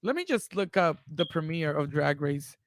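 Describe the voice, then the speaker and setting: Chatty man with a gravelly edge. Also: on the high side, lively intonation, normal speed, no room sound, clean studio sound. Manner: laughs often, loose and chatty with fillers. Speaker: podcast co-host. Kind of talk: casual chat outro.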